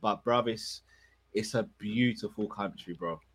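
Man, podcast co-host, laid-back slangy chat, steady measured football breakdown. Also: lowish voice, slight background noise. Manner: relaxed, slangy, measured analysis.

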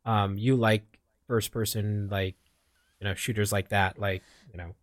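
A man's voice: lowish voice, little pitch movement, unhurried, dry recording. Young adult male from the Philippines, casual streamer chat, rambling and filler-heavy, dead-dry mic. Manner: rambling, many fillers and restarts. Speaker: streamer and podcast co-host.

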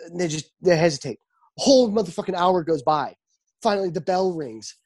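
Husky, mellow young man telling stories. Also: high voice, fast talker. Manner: animated, swears freely, acts out quoted dialogue. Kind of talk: casual chat, storytelling.

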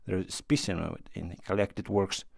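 A man playing a bragging young schoolteacher, smug and a little awkward. The voice is gravelly and dry, read close to the mic. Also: sits low, fairly even intonation, fast, a little mellow, no room sound, heavily acted. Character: boastful awkward young male writing master.

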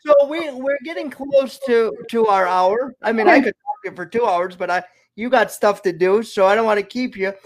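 Halting, emotional male interviewer. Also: high voice. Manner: halting, repeats words, gets emotional. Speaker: interview host. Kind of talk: casual interview chat.

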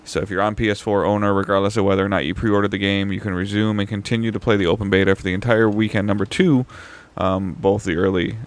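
A man co-hosting a gaming podcast in casual chat, halting along with many fillers and restarts. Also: on the low side, steady tone. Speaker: podcast co-host.

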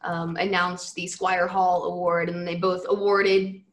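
Woman interviewer, lower voice, short attentive replies, recorded in an echoey room. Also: level tone, measured pace. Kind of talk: casual interview chat.

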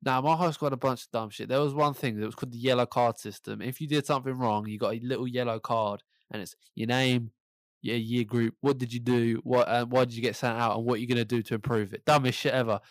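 A man's voice: medium pitch, fairly even intonation, quick pace, no echo. A young man tells school stories in a loose, laid-back way, swearing freely and often laughing. His voice sits in a middle register and sounds dry and close, with almost no room around it. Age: young adult. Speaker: podcast co-host. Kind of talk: casual storytelling chat.

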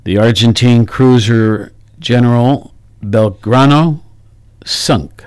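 A man's voice: mid-range voice, slow, a little mellow, smooth, no room sound, studio quality. A man hosting a morning radio talk show, chatting casually with many fillers and self-corrections. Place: radio studio. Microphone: studio microphone.

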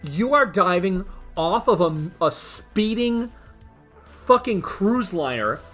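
A man's voice: sits high, big pitch swings, slow pace, fairly bright tone, faint music behind. A man co-hosting a casual comic-book podcast, retelling the story with swearing and spoken sound effects. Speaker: podcast co-host.

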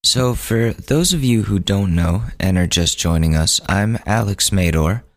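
Man, very low pitch, hoarse, fatigued, young adult, casual rambling podcast host. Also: animated, measured pace. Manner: rambling, self-interrupting, casual. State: losing his voice, fatigued. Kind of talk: solo podcast monologue.

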